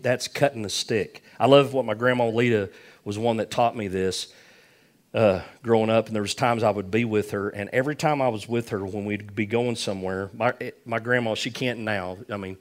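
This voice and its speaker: A man's voice: on the low side, fairly even intonation, moderate pace. A middle-aged man preaching a sermon, telling folksy stories with lots of repetition. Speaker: pastor.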